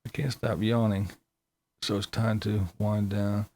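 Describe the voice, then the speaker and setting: Chill guy doing a late night stream, low gravelly voice, reads the chat and chuckles a lot. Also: little pitch movement, dark tone. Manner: laid-back, chuckles often, quick asides. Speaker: livestream host. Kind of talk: casual livestream chat, reading viewer comments aloud.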